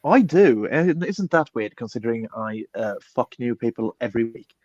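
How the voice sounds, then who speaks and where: A man's voice: medium pitch, animated, normal speed, darkish tone, no room sound. Rambling, swearing man on a dull, dry mic. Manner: rambling, heavy swearing, many fillers. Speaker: podcast host. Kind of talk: casual livestream chat.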